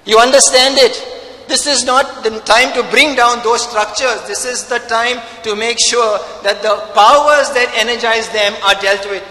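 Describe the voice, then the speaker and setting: A man's voice: sits high, pushed and bright, long reverb tail, poor audio. A man preaching a sermon as pastor, emphatic and full of rhetorical questions.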